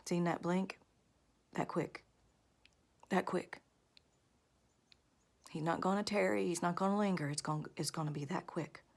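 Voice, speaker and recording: A woman's voice: on the low side, steady tone, a little slow, gravelly, long pauses. A woman vlogger in her thirties or forties, earnestly delivering a religious warning, often half-whispering.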